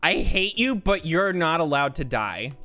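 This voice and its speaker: A man streaming a video game, swearing, yelling at the game and laughing in bursts of frantic protest. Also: fairly high pitch, very animated, unhurried. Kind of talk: live-streamed gameplay commentary.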